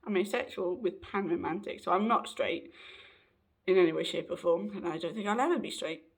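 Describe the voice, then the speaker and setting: A man's voice: high-pitched, brisk, creaky, slightly rough. Upbeat trans man vlogging. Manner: chatty, upbeat pep talk with jokes. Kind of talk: casual talk to camera.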